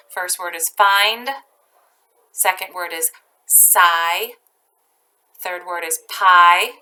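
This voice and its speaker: A woman teacher slowly dictating a spelling test to her class, stretching out each word and sentence. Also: fairly low pitch, pushed and bright, poor audio.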